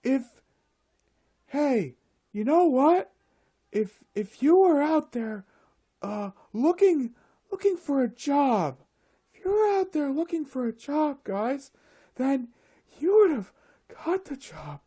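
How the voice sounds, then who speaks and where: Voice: sits high, very animated, takes it slowly, long pauses, warm tone, pitched above the performer's own voice, heavily acted. A person putting on a mocking, sing-song voice for a breezy know-it-all airhead who preaches that success is easy.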